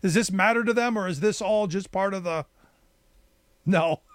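High-voiced talk radio host, dry studio sound. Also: male voice, normal speed, no room sound. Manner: conversational, frank, stumbles and restarts. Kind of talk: casual talk radio interview.

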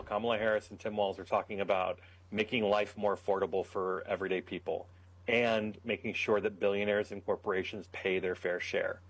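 Man, lowish voice, political guest, earnest, deliberate, some ums. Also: poor audio. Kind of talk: political commentary on a call-in segment.

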